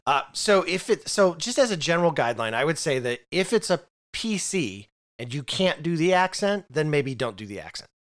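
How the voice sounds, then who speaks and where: A man's voice: on the high side, big pitch swings, normal speed, fairly bright tone. A man co-hosting a casual podcast chat about role-playing games, often restarting and repeating words as he thinks aloud. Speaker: podcast co-host.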